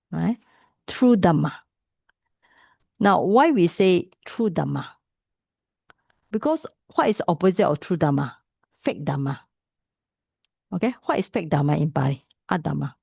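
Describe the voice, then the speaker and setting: Malaysian english lady teaching pali sounds, low gravelly voice, dry close sound. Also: a little mellow, no echo. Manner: patient, repeats sounds slowly. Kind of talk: pronunciation lesson.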